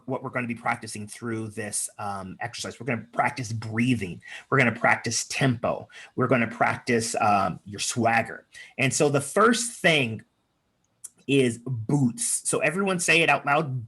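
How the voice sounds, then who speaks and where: A man's voice: mid-range voice, moderate pace, sharp tone, breathy edge. A man leading an online speaking workshop, chatty and encouraging, with lots of fillers, over a video call. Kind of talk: workshop talk with improv exercises.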